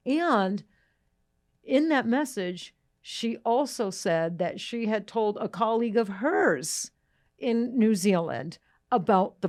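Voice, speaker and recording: A woman's voice: on the low side, darkish tone, no echo, studio quality. A woman hosting a podcast, talking in a chatty, enthusiastic way with many fillers and restarts. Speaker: podcast host. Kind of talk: casual podcast chat. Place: recording studio.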